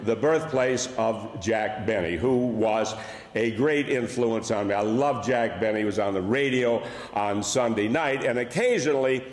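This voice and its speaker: A man's voice: fairly low pitch, a little slow. An older man with a Buffalo accent, a comedian telling wry stories with dry punchlines. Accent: Buffalo, New York. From Buffalo, New York. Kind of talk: humorous storytelling talk. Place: large church hall. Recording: echoey hall with long reverb.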